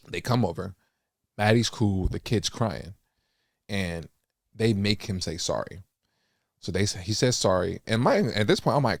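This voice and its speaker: A man in his thirties from Los Angeles, hosting and telling a story in a casual, animated way that acts out the people he quotes. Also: on the low side, a little fast, gravelly, no room sound, studio quality. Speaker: host.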